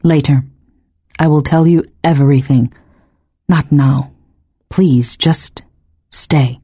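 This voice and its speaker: A woman voicing a proud male fallen god in mortal form, who speaks tersely in a low, rasping voice. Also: lively intonation, slow, darkish tone, no room sound, full character voice. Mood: pleading. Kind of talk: audiobook character voice.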